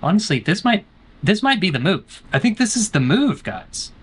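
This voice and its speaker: A man's voice: high-pitched, big pitch swings, normal speed, breathy edge. A man doing let's play commentary on a horror game, joking with his chat and letting out sudden panicked yelps. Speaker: gaming streamer.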